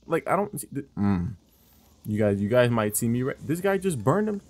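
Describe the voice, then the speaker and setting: A man's voice: mid-range voice, sing-song, moderate pace, a little mellow. A man giving live gameplay commentary, exasperated and swearing as he trash-talks opponents and teammates and asks his viewers questions. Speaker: gaming streamer.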